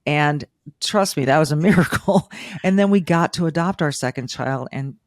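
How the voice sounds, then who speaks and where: A woman's voice: sits low, moderate pace, a little mellow, no room sound, studio quality. A middle-aged woman hosting a podcast interview, emotional and rambling, with many restarts. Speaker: podcast host.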